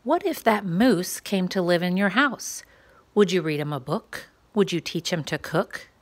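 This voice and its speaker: Woman, children's story reader, slow unhurried pace, lively up-and-down intonation, lowish voice, gentle rhyming read-aloud. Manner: gentle, slow, sing-song questioning delivery. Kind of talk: picture book read-aloud for preschoolers.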